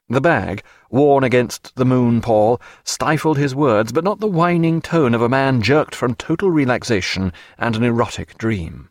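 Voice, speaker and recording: A man narrating an audiobook in a measured, expressive reading. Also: medium pitch, no echo, studio quality.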